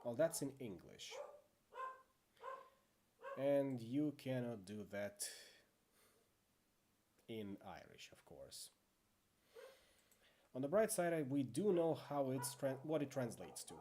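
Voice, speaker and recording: A man's voice: mid-range voice, very animated, slow pace, long pauses, mellow, a little hiss or hum. A man narrating a tabletop horror game as game master, with chatty asides and stumbles over names. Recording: music playing under voice.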